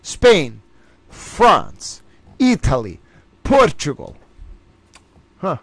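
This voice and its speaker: A man hosting a livestream trivia game, reading out names and scores and chatting with viewers in a lively way. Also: on the high side, a little slow, smooth, dry recording. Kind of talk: casual livestream chat.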